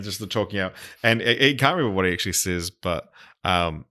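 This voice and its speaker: A low-pitched man in casual podcast chat. His tone is bright and forward despite the depth. He rambles, swears, and restarts often. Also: a little fast. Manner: rambling, profane, many fillers and restarts. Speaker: podcast co-host.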